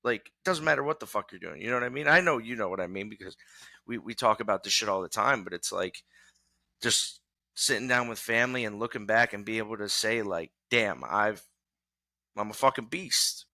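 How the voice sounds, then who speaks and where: A man's voice: lowish voice, a little fast, gravelly, bright, forceful tone, no room sound. A young man talking as an athlete guest in a casual podcast chat, profane, emphatic and fired up.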